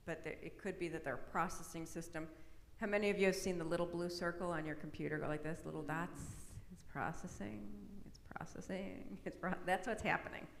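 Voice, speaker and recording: Middle-aged woman, low-ish voice, chatty presenter, roomy hall reverb. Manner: conversational, frequent tag questions. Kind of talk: autism awareness talk. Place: church hall. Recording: echoey hall, long reverb.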